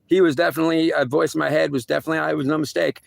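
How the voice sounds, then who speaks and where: A man's voice: a little high, fairly even intonation, racing, vocal fry, dry recording. A man telling a rambling first-person story, repeating himself and filling with "like" and "literally.".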